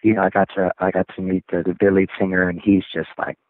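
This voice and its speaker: A man, a rock singer, telling stories as an interview guest, acting out other people's lines in excited, high voices. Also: quick pace, slight background noise. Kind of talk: casual storytelling interview. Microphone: phone. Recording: tinny, dry phone line.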